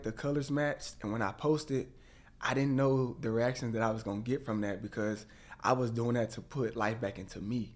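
A man telling a lively story as a guest in an interview, acting out the voices of people he quotes. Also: fairly low pitch.

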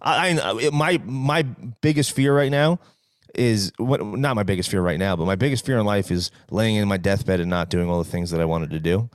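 A lower-voiced man co-hosts a podcast, swearing freely and acting out quotes with excitement. The sound is dry and close, with no room around it. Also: normal speed, no echo. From New York. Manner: excitable, profane, acts out quotes. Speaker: guest co-host. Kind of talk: casual podcast chat.

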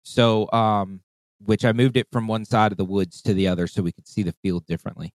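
This fairly low-voiced man talks at a brisk clip, with no room sound on the recording. His lengthy, laid-back hunting story is full of profanity, and he gets animated imitating voices and calls.

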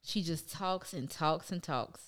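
A woman co-hosting a casual chat, earnest and deliberate when she speaks. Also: fairly low pitch, fairly bright tone. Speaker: podcast co-host.

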